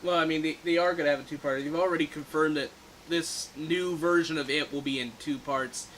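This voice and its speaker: Bright-voiced man in a casual movie review chat. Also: a little high, fairly quick, a little hiss or hum, low-quality recording. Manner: animated, laughs often, acts out quoted lines. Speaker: movie review podcast co-host.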